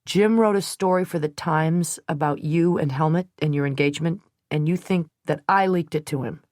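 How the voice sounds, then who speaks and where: A woman reading the part of a blunt, hot-tempered man in his thirties who speaks forcefully and sometimes with scorn. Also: low voice, normal speed, dry recording, clean studio sound, lightly acted. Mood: angry, heated. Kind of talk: audiobook character reading.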